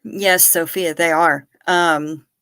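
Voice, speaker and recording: A woman's voice: on the low side, fairly even intonation, takes it slowly, a bit bright, clear, resonant tone, no echo, studio quality. A woman hosting a livestream, telling rambling stories with wry asides and answering her chat casually. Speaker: livestream host.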